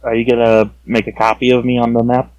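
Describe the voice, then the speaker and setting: A man's voice: mid-range voice, completely flat delivery, fast, a little mellow, no room sound, highs cut off. Casual man player, dry sound. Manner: casual, asks rule questions. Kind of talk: tabletop game over voice chat.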